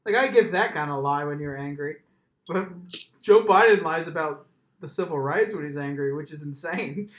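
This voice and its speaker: A man's voice: fairly high pitch, moderate pace, echoey room. A man hosting a casual podcast, joking and swearing in a rambling way with lots of filler words. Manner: profane, joking, rambling with many "like"s. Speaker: podcast host.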